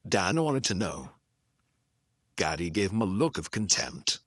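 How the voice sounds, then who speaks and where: A man narrating an old pulp detective story aloud, then stepping out of the reading to chat about it in a loose, animated way. His voice is fairly low with a lively, varied pitch, and the recording is close and dry with no room sound. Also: moderate pace, breathy edge, no echo. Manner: animated, chatty asides with restarts. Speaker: audiobook narrator and host. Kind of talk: reading pulp fiction, then casual commentary.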